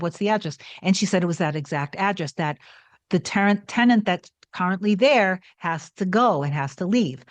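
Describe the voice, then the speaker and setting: A woman's voice: mid-range voice, no echo. Earnest woman coach telling a story. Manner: earnest, rambling with restarts and acted quotes. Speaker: manifestation coach. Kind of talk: personal storytelling monologue.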